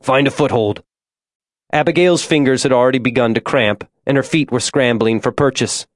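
Man reading an audiobook, middle pitch, dead dry studio sound. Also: a little fast, dry recording. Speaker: audiobook narrator. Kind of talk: scripted narration.

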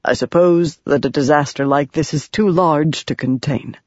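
A narrator voicing a proud, scheming male high prince in an audiobook, speaking smoothly and formally with false sorrow. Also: moderate pace, a little mellow, no room sound, lightly acted. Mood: grave. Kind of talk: audiobook character voice. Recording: dry, dull lo-fi sound.

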